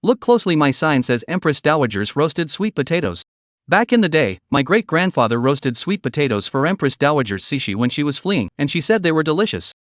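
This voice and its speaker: A greedy middle-aged street vendor, pushy and indignant as he haggles, read out by a man. The voice sits fairly high and swings lively up and down, recorded close and dry. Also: a little fast, no room sound.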